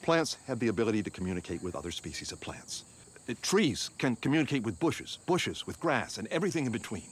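Fast-talking plant explainer. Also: male voice, mid-range voice, sing-song, slightly rough. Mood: explaining. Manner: rapid, lecturing delivery. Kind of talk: film dialogue.

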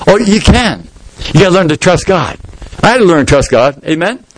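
A man's voice: high-pitched, animated, moderate pace, pauses often, no room sound, rough recording. A middle-aged man preaching a sermon as pastor in a folksy, storytelling way, acting out the people in the story. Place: church sanctuary.

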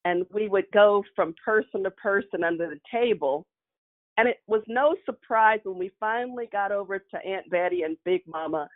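Woman telling a childhood story over a phone line. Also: mid-range voice. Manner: warm nostalgic telling, chuckling often. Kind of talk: personal storytelling.

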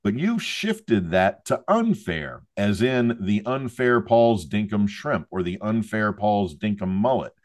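A man's voice: on the low side, big pitch swings, unhurried, few pauses. A man hosting a fishing podcast, interviewing a guest and telling stories in a wry, self-deprecating way. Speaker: podcast host.

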